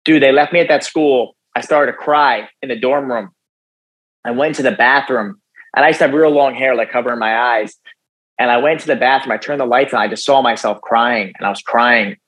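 Animated young man telling his story. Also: medium pitch, a little fast, low-quality recording. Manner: animated, casual storytelling with frequent "dude" and "right?". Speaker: podcast guest, youth motivational speaker. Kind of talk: personal storytelling in an interview.

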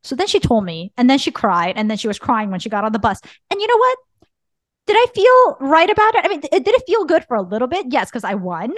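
A woman in her thirties co-hosting a podcast, telling a story in animated casual chat and acting out the dialogue. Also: sits high, fast talker, no echo. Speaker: podcast co-host.

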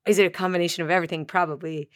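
A woman hosting an interview in a casual, chatty way, with quick reactions and interjections. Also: on the low side, steady tone, no echo, clean studio sound. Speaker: podcast host.

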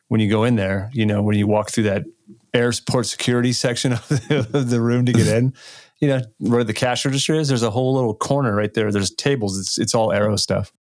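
A man co-hosting a podcast in casual chat, rambling and halting as he searches for words. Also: medium pitch, steady tone, a little mellow, dry recording, studio quality. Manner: rambling, halting, many fillers and restarts. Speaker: podcast co-host.

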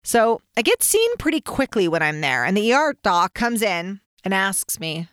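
A woman host telling a personal story in a casual, animated way. She laughs often and acts out the shouts of other people. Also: medium pitch, moderate pace, hardly any pauses, no room sound, studio quality.

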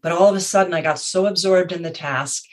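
A woman's voice: on the low side, brisk. Thoughtful woman telling a story. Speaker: guest. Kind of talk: reflective storytelling in conversation.

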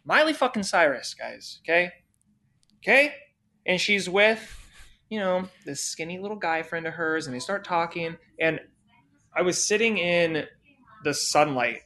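A man's voice: high-pitched, lively intonation, a little slow, pushed and bright. A man guest on a podcast, telling a story in a loose, casual way with lots of swearing and fillers. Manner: loose and profane, with many fillers. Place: podcast studio.

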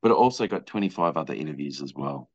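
Rumbling low and gravelly, fast and expressive, an Australian filmmaker tells his story in an interview through a muffled recording. He rambles, restarts often, uses many fillers and performs what people said.

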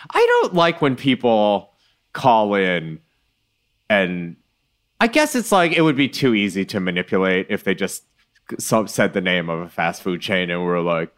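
Animated low-voiced man co-hosting a podcast. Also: unhurried. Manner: animated, swings between mumbling asides and loud outbursts, swears. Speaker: podcast co-host. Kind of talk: casual chat.

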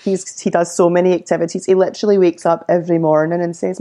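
A woman's voice: lowish voice, fast. A woman in her forties with a Glaswegian Scottish accent, chatting casually as an interview guest with lots of fillers. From Scotland. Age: 40s. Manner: relaxed, chatty, frequent fillers.

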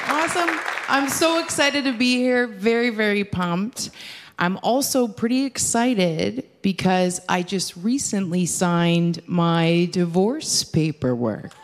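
A woman's voice: mid-range voice, lively intonation, slow pace, a loud crowd, very noisy. A female stand-up comedian opening her set in a chipper, upbeat way.

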